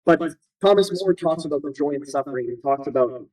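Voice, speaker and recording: A man's voice: a little high, a little fast, a little mellow, distant mic, rough recording. A man talking casually in an interview, rambling with many fillers, restarts and "you know"s. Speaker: guest. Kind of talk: conversational interview.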